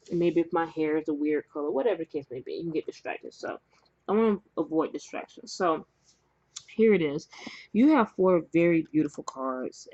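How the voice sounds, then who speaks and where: Low-pitched woman, casual tarot reader, rambling and chatty, dry home-camera sound. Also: warm tone, no echo, highs cut off. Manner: chatty and rambling, with many fillers and apologies. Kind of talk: casual spoken tarot reading. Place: indoors at a table with cards. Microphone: camera mic, face not shown.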